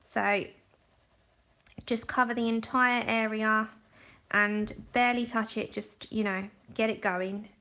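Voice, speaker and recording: Woman, livestream host, chatty, fairly high voice, explains as she colours. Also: steady tone, takes it slowly, pushed and bright. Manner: chatty, explains steps to viewers and thanks them by name. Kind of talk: casual chat while demonstrating colouring.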